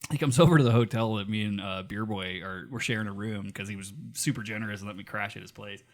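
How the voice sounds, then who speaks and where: Profane, animated male podcast host. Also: on the low side, fast talker. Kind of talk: casual chat.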